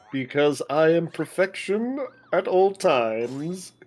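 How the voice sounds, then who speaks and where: A man voicing a pompous, flamboyant gentleman inspector, reading the lines in a grandiose, theatrical way. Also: fairly high pitch, expressive, takes it slowly.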